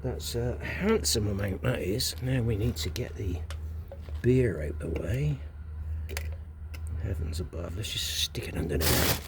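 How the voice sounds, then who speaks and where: This man, a vlogger with a West Country English accent, rambles casually to camera while cooking on an outdoor fire, adding wry asides and mumbling to himself. His voice is fairly low and a little slow, with background noise.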